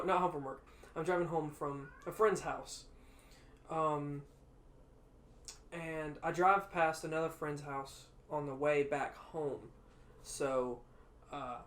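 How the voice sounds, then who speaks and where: A man co-hosting a podcast, telling a story in casual chat, laughing often and acting out quotes loudly. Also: a little high. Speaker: podcast co-host.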